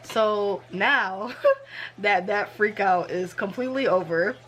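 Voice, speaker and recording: A woman in her twenties vlogging casually, excited and gushing, laughing often and using casual slang. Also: mid-range voice, takes it slowly, slight background noise. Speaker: book vlogger. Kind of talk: casual vlog.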